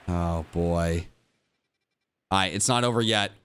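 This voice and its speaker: A man's voice: sits low, slow pace, a bit bright, clean tone. A young man livestreaming a game, switching between a hyped, goofy streamer voice and glum, self-mocking mutters to his chat. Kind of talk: casual livestream commentary.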